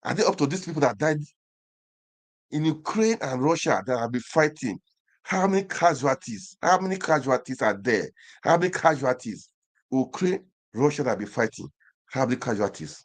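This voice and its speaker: A man's voice: medium pitch, animated, normal speed, long pauses. Nigerian guy doing a heated rant on his online show, keeps repeating himself, asks questions nobody answers. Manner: fervent, repeats phrases, rhetorical questions. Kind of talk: impassioned commentary monologue.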